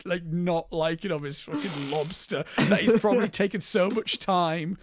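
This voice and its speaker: A man's voice: high voice, normal speed, no room sound, clean studio sound. A man co-hosting a podcast, chatting casually and animatedly about films and cracking jokes. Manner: animated, jokey, slips into film-quote impressions. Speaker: podcast co-host. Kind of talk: casual film chat.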